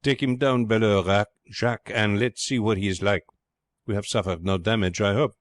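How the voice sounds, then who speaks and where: A man's voice: fairly low pitch, steady tone, moderate pace, dry recording, lightly acted. A man voicing a brusque, mocking privateer captain who speaks bluntly and commandingly in a storybook reading.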